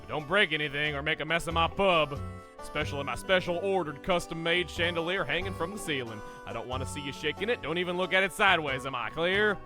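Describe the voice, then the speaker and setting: A man voicing a gruff, bossy male pub owner with a stern, scolding manner and a rough try at a southern drawl, over game music. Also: fairly high pitch, fast, lightly acted.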